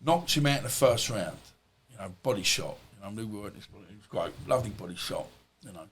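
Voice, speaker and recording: A man's voice: on the low side, lively intonation, fast, a bit bright, husky. A middle-aged man, a former boxer and podcast guest, telling casual stories in a rambling, anecdotal way full of asides. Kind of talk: casual storytelling.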